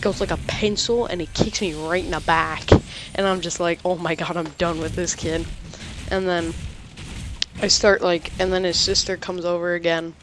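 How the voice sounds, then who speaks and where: A teenage boy casually telling a story about his day, rambling with halting restarts and lots of "like". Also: sits high, steady tone, noisy background. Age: teens.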